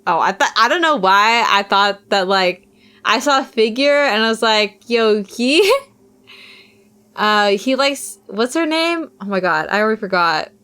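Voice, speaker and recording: A woman's voice: medium pitch, animated, measured pace, bright, forceful tone, clean tone. A young woman streamer reading a visual novel aloud, with casual, self-deprecating asides.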